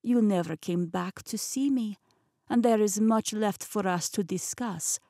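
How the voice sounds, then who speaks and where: A woman voicing a scheming man with a thick Russian accent in an audiobook, talking smoothly and coaxingly. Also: medium pitch, unhurried, warm tone, dry recording, clean studio sound, lightly acted. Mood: persuasive. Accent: Russian (put on). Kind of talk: audiobook character voice.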